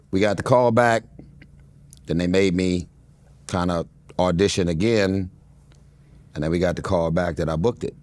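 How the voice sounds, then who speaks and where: A man's voice: low voice, darkish tone, dry recording. A man in his forties from Los Angeles, a guest telling a long story in a casual interview, with many fillers, restarts and frequent laughs. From Los Angeles, United States. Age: 40s.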